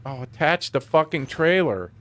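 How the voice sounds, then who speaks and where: High-voiced swearing gaming streamer man. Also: lively intonation, moderate pace, fairly bright tone. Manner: profane, grumbling to himself. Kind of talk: casual live-stream chatter.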